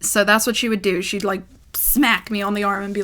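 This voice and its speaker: A woman's voice: medium pitch, little pitch movement, a little fast, fairly bright tone. A woman telling a personal story in a vlog, in a rambling, emotional way with lots of fillers. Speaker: ASMR creator.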